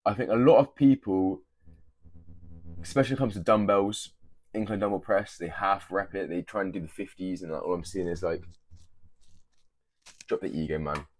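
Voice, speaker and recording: A man's voice: low voice, normal speed, long pauses, a little mellow, dry recording. Blunt, swearing young man. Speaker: fitness creator. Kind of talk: casual gym tips to camera.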